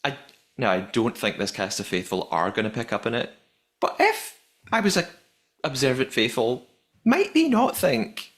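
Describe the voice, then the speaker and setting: A man co-hosting a podcast, recapping an episode in casual chat, talking in quick bursts with frequent restarts. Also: medium pitch, sing-song, fairly bright tone. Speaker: podcast co-host.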